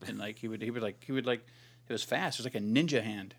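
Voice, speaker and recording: A man's voice: lowish voice, quick pace, slight background noise. A man co-hosting a podcast, chatting casually about movies in a rambling, sarcastic way with plenty of swearing. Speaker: podcast co-host. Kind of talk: casual movie review chat.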